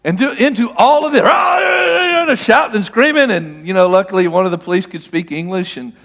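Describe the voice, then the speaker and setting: A man preaching a sermon, telling a personal story with animation and acting out the shouting. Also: sits high, fast. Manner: storytelling, animated, acts out the argument. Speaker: pastor. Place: church sanctuary. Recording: long hall reverb.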